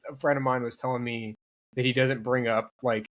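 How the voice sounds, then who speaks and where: A man's voice: medium pitch, level tone, fairly quick, a bit bright. A man in casual conversation, telling rambling stories with many restarts. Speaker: podcast guest. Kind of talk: casual chat.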